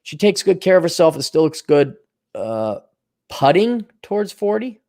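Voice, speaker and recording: A man's voice: fairly high pitch, big pitch swings, moderate pace, warm tone. A man hosting a solo podcast, reading out listener donations and ranting in a sarcastic, profane way. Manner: mocking put-on voices in asides. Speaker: podcast host.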